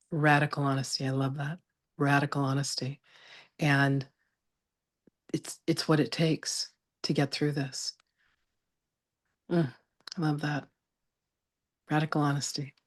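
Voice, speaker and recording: A woman hosting a spiritual interview, affirming her guests and telling lively stories with laughter. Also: deep voice. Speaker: host.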